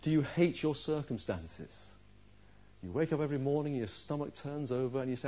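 A man preaching a sermon, pressing his listeners with rhetorical questions and moving between forceful, raised lines and quiet, low ones. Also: expressive, normal speed. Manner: earnest preaching with rhetorical questions, swinging from loud to hushed. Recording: dull lo-fi recording.

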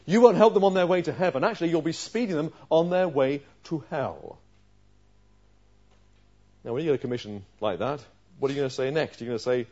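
A man preaching an expository sermon. He puts questions to his listeners and moves from loud, stressed phrases to quiet asides. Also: on the high side, animated, fairly quick. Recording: dull lo-fi sermon recording.

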